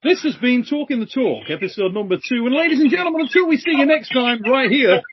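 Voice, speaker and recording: A man's voice: very high-pitched, animated, fast, background noise. A British man hosting a casual chat show, blunt and joking, swearing freely. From Britain. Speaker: show host. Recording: muffled lo-fi audio.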